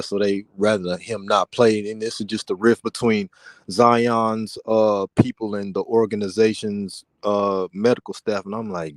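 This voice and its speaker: Laid-back low-voiced man talking hoops. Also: fairly even intonation, moderate pace, no room sound. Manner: laid-back slangy talk, says bro a lot. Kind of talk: casual basketball chat.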